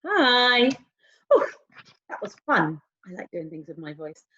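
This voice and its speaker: A woman's voice: lowish voice, unhurried. A woman teaching a playful online music lesson to young children, whooping and whispering to make the sounds fun. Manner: animated, playful, sing-song with whoops and whispers. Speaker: primary school music teacher. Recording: dull lo-fi home video sound.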